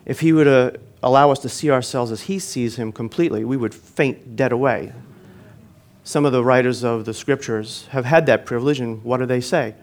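Earnest preacher telling a personal story. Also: male voice, mid-range voice, moderate pace. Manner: earnest storytelling, swells then drops to quiet endings.

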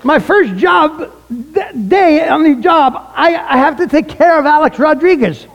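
A man, a retired pastor telling a personal testimony, animated and acting out the dialogue in his story. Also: very high-pitched, unhurried, a faint crowd. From the Bronx, New York. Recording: echoey hall.

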